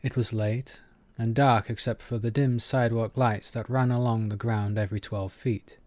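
A man narrating an audiobook in a measured, even manner. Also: medium pitch, no echo.

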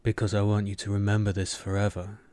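A man voicing a confident, possessive young man with a velvety, growling baritone that teases and commands. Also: completely flat delivery, fast talker, darkish tone, no echo, close to an everyday voice. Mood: intense. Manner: teasing, intense, commanding.

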